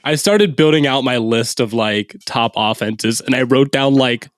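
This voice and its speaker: Co-host, relaxed guy, dry close sound, casual swearing, easygoing sports banter. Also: mid-range voice, unhurried, no echo. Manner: laid-back, swears casually, many "like"s. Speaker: podcast co-host.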